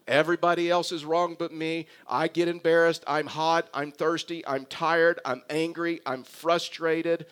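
A man's voice: a little high, flat delivery, a little slow, hardly any pauses, fairly bright tone, clear, resonant tone. A man preaching a sermon voices a bitter, self-pitying man who lists his complaints to God. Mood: aggrieved. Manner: aggrieved, listing complaints.

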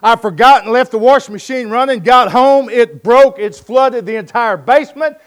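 A man's voice: extremely high pitch, normal speed. A man voicing an exasperated wife who confronts her husband in a sermon joke. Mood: distraught. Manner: demanding, worked-up.

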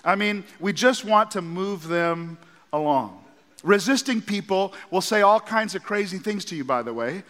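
A middle-aged man, a pastor, preaching a sermon and telling stories with animated asides in a church auditorium. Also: sits high, normal speed. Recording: long hall reverb.

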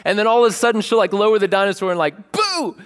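A man preaching a sermon, animated, telling stories and acting out scenes with sudden outbursts. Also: high voice, racing, clear, resonant tone. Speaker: pastor. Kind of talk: sermon with storytelling. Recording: long reverb of a large hall.

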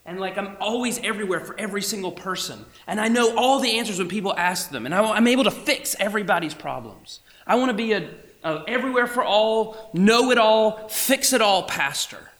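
Creaky-voiced man preaching with whispered asides. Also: on the high side. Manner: animated, swings between loud emphasis and hushed whispers. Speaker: campus minister. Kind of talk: sermon.

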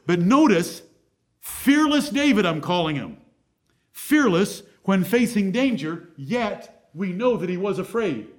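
A pastor with a high-pitched voice preaches a sermon, speaking a little slowly in a sing-song way. He is emphatic, pressing his points with one rhetorical question after another.

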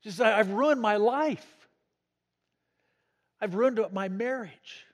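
A man's voice: high voice, takes it slowly, voice pushed up. A man voicing a distraught wife who talks in broken, pleading repeats, heard in an echoey hall. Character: distraught wife sobbing after arrest.

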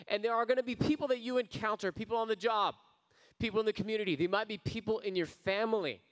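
A male pastor preaching a sermon, his voice sitting a touch higher than most men's. He rises into emphatic, ringing lines and then falls to quiet, low asides. The sound carries a long reverb, like a big hall. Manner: folksy storytelling.

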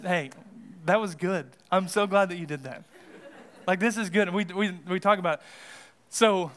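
Man, American pastor, high voice, chatty sermon, fillers, restarts. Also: moderate pace, a bit bright. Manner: casual, conversational, many fillers and restarts. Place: church sanctuary.

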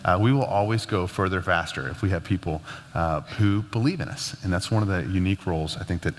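A man teaching about marriage in a relaxed, conversational way, laughing now and then. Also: sits low, fast talker. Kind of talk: casual teaching talk. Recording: long hall reverb.

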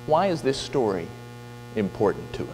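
A man preaching a sermon, retelling a Bible story with lively storytelling and acted-out quotes. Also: fairly low pitch, normal speed. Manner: animated storytelling, voicing quoted figures. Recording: distant reverberant hall with faint hum.

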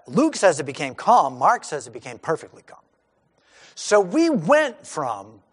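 A man preaching a sermon in an animated way, acting out the people in the story in quick asides. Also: high-pitched. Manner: animated, acts out the disciples' panic in asides. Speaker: pastor.

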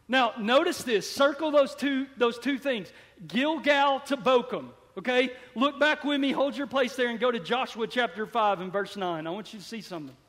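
Male pastor, very high voice, sermon with big volume swings, echoing hall. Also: a bit bright. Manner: preaching with sudden swells and drops in volume. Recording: long hall reverb.

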